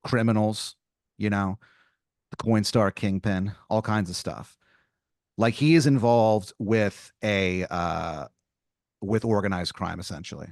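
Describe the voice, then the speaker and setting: A man improvises a comic story as podcast host, rambling along with lots of "like" and "you know." His voice is low and gravelly. The sound is close and dry. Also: slow pace, darkish tone, no echo.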